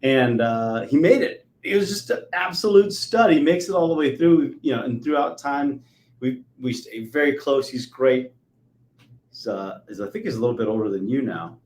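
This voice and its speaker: A man in his forties hosting a podcast interview, telling stories with lively energy. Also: medium pitch. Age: 40s. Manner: animated storyteller, acts out quotes. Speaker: podcast host. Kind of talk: conversational interview. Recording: echoey room.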